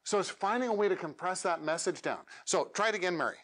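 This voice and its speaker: A man's voice: high voice, lively intonation, fast talker, fairly bright tone. Direct, coaching man presenting to a meetup. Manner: direct coaching, ends points with questions. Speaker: featured speaker. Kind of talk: live workshop talk. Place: meetup room with audience.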